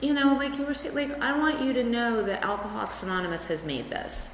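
Chatty speaker in an echoey hall. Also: female voice, on the high side, expressive, fairly quick, slight background noise. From Chicago. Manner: chatty, rambling with many fillers. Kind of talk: recovery meeting share. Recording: echoey hall with room ambience.

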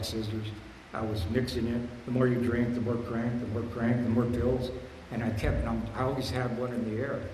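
An older man shares his recovery story at a meeting in a blunt, streetwise way. He rambles, circles back on phrases and suddenly gets louder on the punchlines. His voice rings out through a large, reverberant hall, with a faint hum of the room underneath. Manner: bursts louder and higher on punchlines.

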